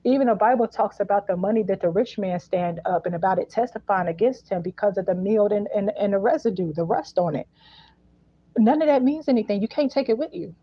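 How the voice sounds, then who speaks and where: A woman's voice: mid-range voice, fairly quick, dry recording. A woman with giving a casual spiritual message, emphatic and repetitive as she unpacks each phrase. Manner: emphatic and repetitive, with colloquial speech. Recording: dull, dry, lo-fi sound.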